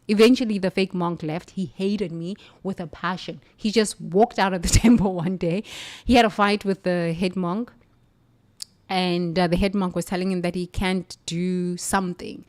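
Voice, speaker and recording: A woman's voice: fairly low pitch, steady tone, moderate pace, a little mellow. A woman from the United States telling her own story in an emphatic, forthright way as a guest. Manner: emphatic, forthright, preachy at times. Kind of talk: conversational storytelling.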